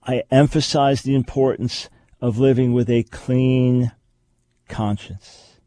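A man's voice: medium pitch, steady tone, slow, dark tone, no room sound. A man hosts a radio teaching show in an emphatic voice, hammering his points home through repetition. His voice sits in a middle range. It is recorded dry and close, with no room sound. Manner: emphatic, repeats key phrases. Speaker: radio talk show host.

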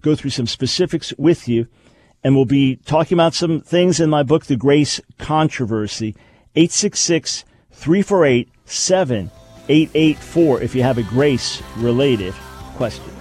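A man's voice: medium pitch, animated, unhurried, a little mellow, soft background music. A man hosting a radio talk show, teaching in an emphatic way and repeating his key phrases.

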